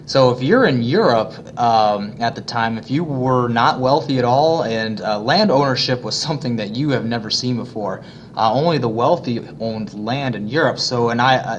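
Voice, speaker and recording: A man teaching history in an easygoing, conversational way, peppered with filler words. His voice sits at a middle pitch. A faint background hiss runs under the recording. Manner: casual, many fillers, plays voices of colonists. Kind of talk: classroom lesson narration.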